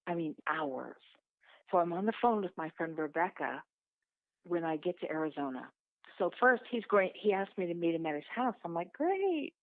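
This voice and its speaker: A woman guest candidly telling her own story, lively, swearing freely and acting out what others said. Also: lowish voice, moderate pace, no echo. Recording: tinny phone-like sound, dry.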